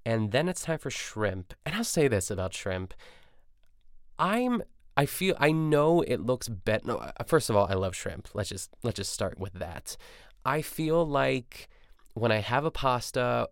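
A man's voice: medium pitch, very animated, unhurried, smooth, no echo, clean studio sound. A man hosting a podcast, recapping a cooking show in a casual, rambling way with lots of asides and self-corrections. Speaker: podcast host.

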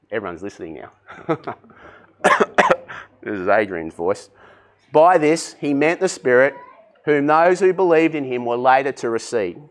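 Energetic pastor, slightly high voice. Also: male voice. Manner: conversational, energetic preaching with direct questions to the congregation. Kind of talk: sermon.

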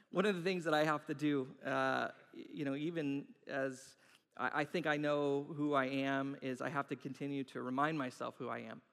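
Male pastor, 30s, playful self-mocking preacher, high voice, church hall echo. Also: fairly bright tone. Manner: playful, self-mocking storytelling with acted-out quotes. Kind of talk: sermon. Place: church sanctuary. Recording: long hall reverb.

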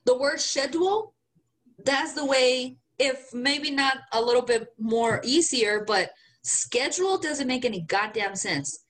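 A woman from Mexico co-hosting a podcast in casual chat, a little tipsy, talking in an animated way with plenty of swearing. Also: high voice, a little slow. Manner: animated, swearing, laughing often. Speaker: podcast co-host.

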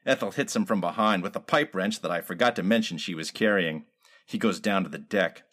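A man's voice: sits low, a little fast. Man narrating a wry detective story. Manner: wry, deadpan hard-boiled delivery.

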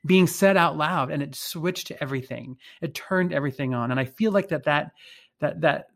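A man reflecting on faith and identity in conversation, thinking aloud with pauses and restarts. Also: fairly high pitch. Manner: thoughtful, hesitant, many fillers and restarts.

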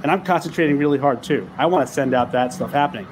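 A man's voice: mid-range voice, quick pace, a little mellow, a little hiss or hum. A man playing a tabletop game, speaking earnestly and urgently in character, often laughing. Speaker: player. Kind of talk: in-character tabletop role-play.

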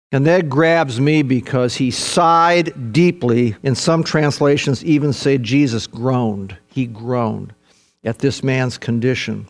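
An older man preaching a sermon in a folksy, emphatic way, swinging from soft asides to fervent, rising peaks. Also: medium pitch, a little slow. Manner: folksy, peppers talk with "see" and "man". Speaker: pastor.

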